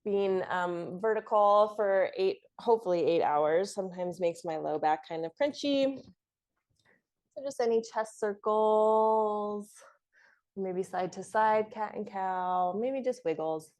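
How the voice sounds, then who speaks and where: A young adult woman teaching a yoga class, giving calm, encouraging cues with the odd soft laugh. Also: medium pitch, takes it slowly. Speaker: yoga instructor. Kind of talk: guided yoga class instruction.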